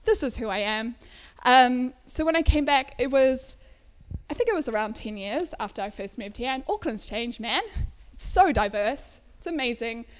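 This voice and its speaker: A woman's voice: high-pitched, animated, moderate pace, clean tone. A woman in her thirties from South Africa, telling a personal story to a live audience at an indoor event, chatty and laughing often between fillers.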